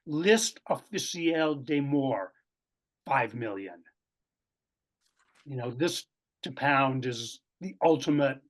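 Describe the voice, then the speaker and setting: A man leading a poetry seminar over a video call, reading passages aloud with halting, reflective commentary. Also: medium pitch. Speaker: seminar facilitator.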